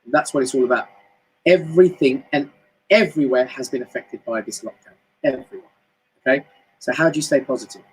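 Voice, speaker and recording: A man with a British accent giving a chatty, animated motivational talk on a home live stream, often jumping up high in pitch. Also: a little fast, long pauses, slightly rough, poor audio. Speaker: motivational speaker. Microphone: home live stream mic.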